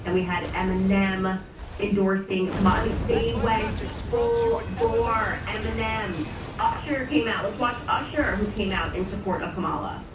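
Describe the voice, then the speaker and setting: A woman's voice: mid-range voice, normal speed, roomy sound, far from the mic, very noisy. A woman giving sarcastic political commentary between played clips. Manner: sarcastic, mocking.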